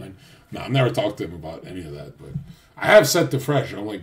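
A man's voice: fairly low pitch, sing-song, fast. Crude, boastful male streamer. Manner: crude, boastful, heavy swearing; rambling, loose, trails off and restarts. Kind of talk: casual livestream rant.

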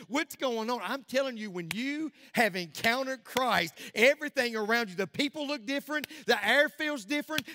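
A man preaching a sermon as pastor, swinging from loud declarations to hushed near-whispers. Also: high-pitched, dry recording, clean studio sound. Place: church sanctuary.

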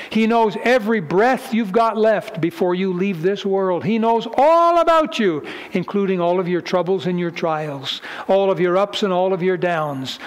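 A man preaching a sermon as pastor, fervent and swelling in volume at the high points. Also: poor audio.

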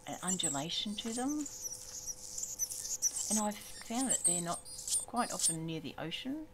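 A woman's voice: mid-range voice, huge pitch swings, unhurried, background noise. A woman giving chatty, exclamatory commentary on her gameplay and talking to the animals she meets. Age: older. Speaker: gaming YouTuber. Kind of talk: casual let's-play commentary.

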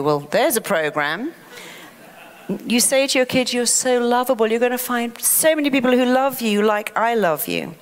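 A middle-aged English woman giving a motivational talk as a therapist, animated and acting out panicky inner voices. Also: a little high, moderate pace. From England. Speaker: therapist and speaker. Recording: long hall reverb.

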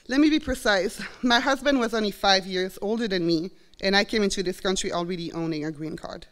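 A woman's voice: medium pitch, brisk. Belgian woman telling a personal story. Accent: Belgian French. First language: French. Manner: earnest, reflective, acts out quoted voices. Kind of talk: live storytelling performance. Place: college stage before an audience.

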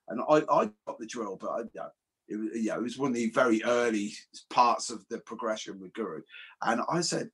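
Guy, kinda husky, rambly animated storyteller, swears a bit. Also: medium pitch, fairly quick. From England. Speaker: martial arts instructor. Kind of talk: casual podcast chat.

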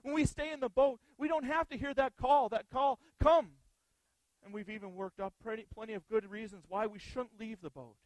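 A man's voice: high voice, fairly even intonation, brisk, few pauses, no echo, low-quality recording. A male pastor preaching an earnest sermon, often putting rhetorical questions to the congregation.

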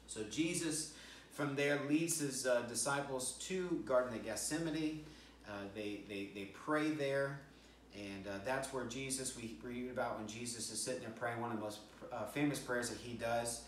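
An American man preaching in a roomy church hall, heard from some distance off the mic. He tells the story in a halting way, repeats words, and briefly acts out the voices of the people in it. His pitch sits in a middle range for a man. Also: a little hiss or hum. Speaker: pastor. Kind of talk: storytelling sermon. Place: church sanctuary.

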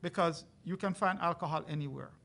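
A man with a fairly high voice speaks as a resort brand representative on a live panel. His delivery is earnest and persuasive, like a sales pitch. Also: fairly quick, creaky, a bit bright. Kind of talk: panel discussion.

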